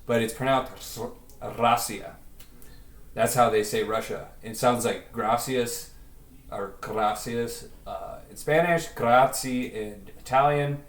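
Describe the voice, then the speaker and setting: A man's voice: medium pitch, unhurried, hardly any pauses, far from the mic. A man chatting casually and ramblingly in a self-deprecating vlog, talking into a headset in his bedroom. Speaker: video creator. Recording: roomy echo.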